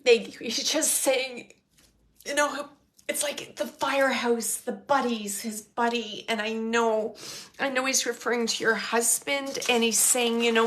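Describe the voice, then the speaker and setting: A middle-aged woman medium speaking to a live audience in a slightly higher voice. She talks with feeling, sometimes close to tears, and leans hard on the phrases she passes along. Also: fairly even intonation, a little slow, a bit bright, a little hiss or hum. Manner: emotional, tearful at times, relaying quotes with emphasis. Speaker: psychic medium.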